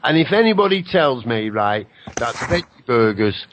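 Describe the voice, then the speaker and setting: A man hosting a casual radio talk show, joking and rambling with an animated, mocking manner. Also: mid-range voice, moderate pace, a little hiss or hum. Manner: animated, jokey, rambling with laughs.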